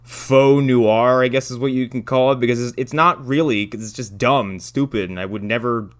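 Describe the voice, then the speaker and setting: A man's voice: mid-range voice, fairly even intonation, normal speed. A man co-hosting a podcast, giving a sarcastic, profane and rambling movie review in casual chat. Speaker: podcast co-host.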